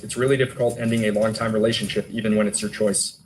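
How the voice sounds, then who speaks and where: A man's voice: fairly low pitch, flat delivery, fast talker, a little mellow, a little hiss or hum, low-quality recording. A male detective testifying in court, steadily reading text messages aloud. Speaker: detective witness.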